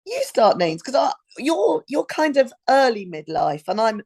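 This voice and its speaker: A woman's voice: a little high, very animated, a little slow, darkish tone, breathy edge. A woman in her fifties co-hosting a podcast in casual chat, rambling and hunting for words with fillers. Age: 50s. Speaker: podcast co-host.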